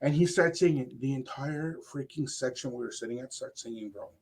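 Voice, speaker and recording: Older man, radio co-host; rambling, animated storyteller, casual chat. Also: medium pitch, brisk, husky. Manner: animated, rambling anecdote with quoted asides.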